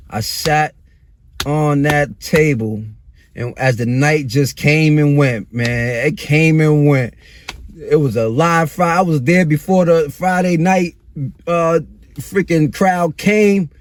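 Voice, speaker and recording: A man in his thirties tells a personal story in a loose, slangy way, keeps dropping "yo" and "man". His voice sits fairly high for a man. He swings from excited to rueful as he talks. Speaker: vlogger telling a personal story. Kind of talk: casual storytelling to camera.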